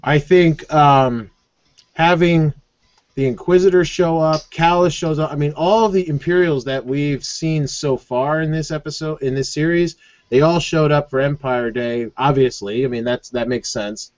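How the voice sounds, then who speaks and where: A man co-hosting a casual review chat, animated and chatty, heard over a muffled online call. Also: fairly high pitch, normal speed, dry recording. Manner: animated, chatty, leans on "like" and "kind of". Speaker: show co-host.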